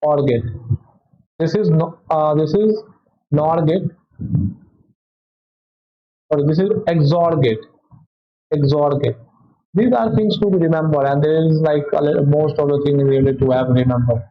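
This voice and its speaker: A man with an Indian English accent, a physics teacher walking through test solutions in a halting way, often correcting himself. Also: on the high side. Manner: halting, self-correcting explanation with many "okay"s. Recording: dull lo-fi audio.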